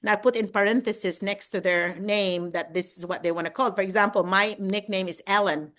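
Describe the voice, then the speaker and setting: A woman in her fifties with a Filipino accent, hosting a casual video call with animated, chatty talk and frequent laughter. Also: mid-range voice, fairly quick. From Philippines. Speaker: host and teacher mentor.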